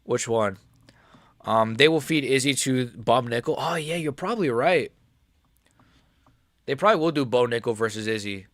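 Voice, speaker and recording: A man hosting a casual livestream, reading chat aloud and talking in a relaxed, rambling way with many fillers and restarts. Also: medium pitch, normal speed, pauses often, no room sound, clean studio sound. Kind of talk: casual live-stream chat.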